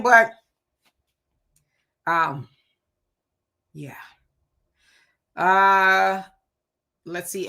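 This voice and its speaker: This mid-range female voice belongs to a live streamer from Southern California. She keeps things casual, reading out comments from viewers and responding with lively, sassy reactions.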